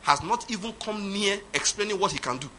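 A man's voice: high voice, lively intonation, brisk, pushed and bright, a little hiss or hum. A man preaching an emphatic sermon, repeating his points. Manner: emphatic, repetitive, laughs at his own points. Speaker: pastor.

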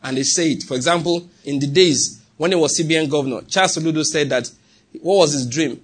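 A man's voice: a little high, a little fast, breathy edge. A middle-aged man with a Nigerian accent preaching a sermon, emphatic and often asking his listeners questions. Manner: emphatic, asks the congregation questions. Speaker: pastor.

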